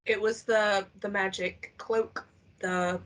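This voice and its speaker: A woman's voice: medium pitch, fairly even intonation, takes it slowly, a bit bright. A woman guesting on a podcast, chatting playfully about a film and swearing casually.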